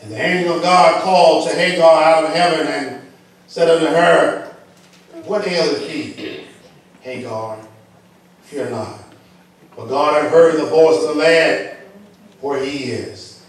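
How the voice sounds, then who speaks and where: A male pastor with a Southern US accent, reading scripture slowly and then preaching with rising emphasis in a church. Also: a little high. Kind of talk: sermon. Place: church sanctuary. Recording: echoey hall, distant mic.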